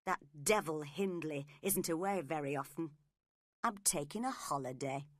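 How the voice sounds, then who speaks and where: A woman's voice: deep voice, moderate pace, dry recording, studio quality, pitched below the performer's own voice. Woman voicing a sullen, jealous young man. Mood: scheming.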